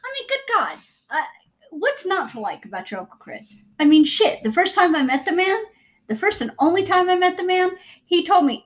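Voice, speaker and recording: A woman's voice: very high-pitched, sing-song, moderate pace. A young woman co-hosting a podcast, telling blunt stories in casual chat and laughing often. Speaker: podcast co-host.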